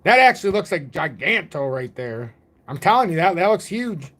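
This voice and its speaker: A man in his forties hosts a casual crypto livestream, rambling along and cracking jokes at his own expense. His voice sits a little high and sounds a bit bright, very animated, at a normal speed.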